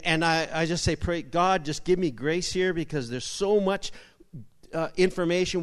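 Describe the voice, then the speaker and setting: Animated man preaching in a reverberant hall. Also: on the high side. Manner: animated storyteller, repeats words, sudden loud bursts. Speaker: pastor. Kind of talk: sermon with jokes. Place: church sanctuary.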